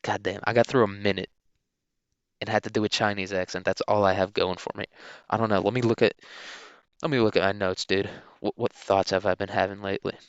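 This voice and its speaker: A young man hosting a solo podcast, rambling crudely and filling every pause with dude and like. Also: on the low side, little pitch movement, smooth, dry recording, muffled recording. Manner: rambling, crude, filler-heavy, keeps saying dude. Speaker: podcast host.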